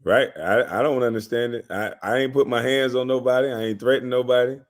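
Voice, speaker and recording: A man hosting a casual chat, telling stories in a relaxed way. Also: medium pitch, a little fast. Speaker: host.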